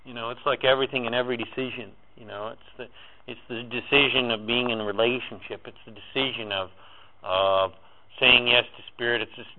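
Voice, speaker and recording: A man leading a live group in a guided spiritual talk, speaking in repetitive, incantatory phrases that swell with emphasis. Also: mid-range voice. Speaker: spiritual workshop leader. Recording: tinny phone-like recording.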